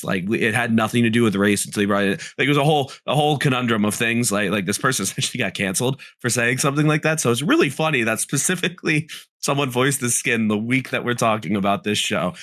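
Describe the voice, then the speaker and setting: A man co-hosting a podcast, chatting casually in a rambling, animated way with many fillers and restarts. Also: medium pitch, fast, no room sound, studio quality. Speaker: podcast host. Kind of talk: casual group discussion.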